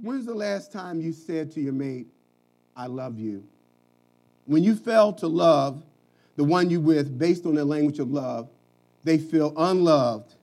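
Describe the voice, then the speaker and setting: High-voiced, impassioned male preacher. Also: a little slow. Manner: impassioned preaching with repetitions and sudden loud peaks. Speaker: pastor. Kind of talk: sermon.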